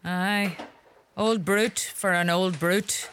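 An actress playing a middle-aged Irish farm mother, sharp-tongued and fussing, with an Irish accent. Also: lowish voice, steady tone, slow pace, slight background noise. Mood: scolding. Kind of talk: comedy sketch acting.

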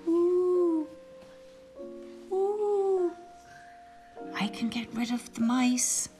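A woman's voice: very high-pitched, lively intonation, very slow, mellow, faint music behind, voice pushed up, heavily acted. A woman voicing a sly, greedy female barn owl with a ghostly, whispery, hooting delivery.

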